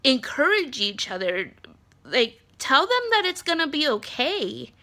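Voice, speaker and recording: A woman's voice: high voice, big pitch swings, a little slow, sharp tone. A woman in her thirties, congested and a bit nasal, venting in a blunt, frustrated monologue full of ums and swearing. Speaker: vlogger, spouse of an ill partner.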